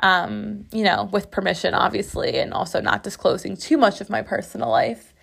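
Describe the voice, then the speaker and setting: A woman hosting a podcast from her bathroom floor, chatting in a candid, expressive way and swearing freely. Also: mid-range voice, moderate pace, vocal fry, noisy background. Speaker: podcast host. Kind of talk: casual solo podcast chat.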